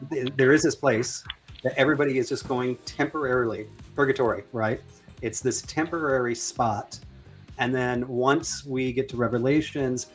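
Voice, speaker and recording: A man hosting a casual religion discussion, speaking hesitantly with many fillers and restarts. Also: mid-range voice. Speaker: debate host.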